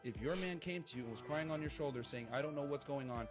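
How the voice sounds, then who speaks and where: A man on a podcast clip delivers blunt, lecturing opinions at a very rapid clip. He talks over the others at the table, and music plays clearly behind the voice. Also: fairly high pitch. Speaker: podcast host. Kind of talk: podcast debate.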